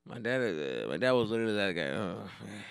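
A young man hosting a podcast, telling profane, animated comedic stories. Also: fairly low pitch, a little fast, creaky, smooth, no room sound, studio quality. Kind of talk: comedic storytelling monologue.

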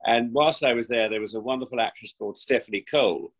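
Over a low-quality recording, a West Country English actor in his sixties chats effusively and theatrically as a remote interview guest from home during lockdown. His voice sits mid-range, he talks quickly, and he often restarts his sentences.

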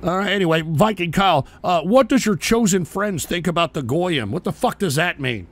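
A man hosting a live radio-style show, ranting profanely at chat commenters and shouting in mocking outbursts. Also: high voice, animated, normal speed.

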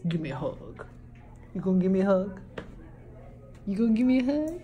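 A woman's voice: mid-range voice, very animated, normal speed, dull audio, slight background noise. A woman coaching a young child to speak, coaxing and playful, making animal sounds along the way. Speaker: speech therapy helper with a child.

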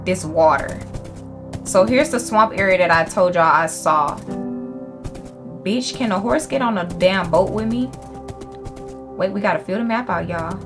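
A young woman commentates her gameplay in a brash, profane, chatty way, scolding the animals on screen. Her voice sits a little low for a woman. Soft game music plays faintly underneath. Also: measured pace, long pauses. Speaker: gaming YouTuber.

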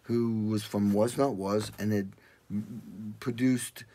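An older man with a slightly husky voice tells road stories with lots of energy. He jumps into loud, high voices when he acts out what people said. The sound is close and dry, with no room around it. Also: steady tone, slow, dry recording. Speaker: guest drummer telling stories. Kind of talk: casual interview storytelling.

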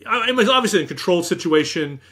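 Male guest author, bright forceful tone, husky, anecdotal and self-deprecating. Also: sits high, lively intonation, fast talker. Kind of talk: storytelling in an interview.

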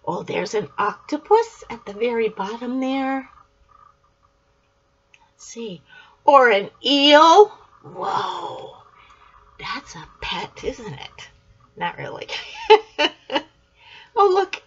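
An older woman hosts a storytime, reading a picture book aloud to young children. Her voice is high and swoops up and down as she asks questions and cheers answers. It comes through a muffled, lo-fi recording. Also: sing-song, takes it slowly, pauses often. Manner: sing-song, asks the listener questions and praises answers.

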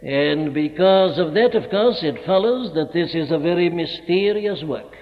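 A man's voice: a little high, unhurried. A man preaching a sermon, emphatic and repeating phrases for effect, recorded in a large hall. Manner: emphatic, rhetorical repetition. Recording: dull echoey hall recording.

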